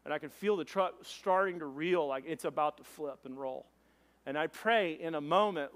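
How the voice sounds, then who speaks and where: Man, pastor, sermon, lively storytelling, high voice. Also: normal speed. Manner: animated, shifts into quoted voices and shouts.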